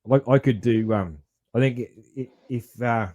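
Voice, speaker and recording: A man's voice: mid-range voice, measured pace, dark tone, muffled recording. A man with an Australian accent, co-hosting a podcast in a rambling, laid-back casual chat and swearing now and then. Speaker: podcast co-host.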